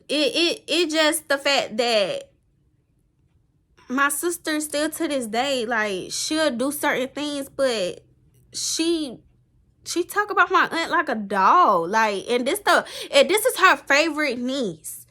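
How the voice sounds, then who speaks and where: A woman's voice: sits high, expressive, slow, sharp tone. A young woman, talking earnestly to the camera in a rambling, emotional personal vlog. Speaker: vlogger.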